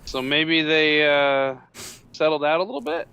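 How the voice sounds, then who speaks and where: A man co-commentating a sim race, teasing the others with quick quips. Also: on the high side, bright, forceful tone, clear, resonant tone.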